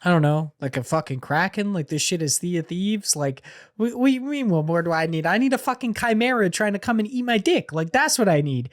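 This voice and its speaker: A man's voice: high voice, animated, brisk, dry recording, clean studio sound. A man co-hosting a podcast in casual chat, swearing a lot and ranting in a joking way. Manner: profane, ranting, jokey. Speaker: podcast co-host.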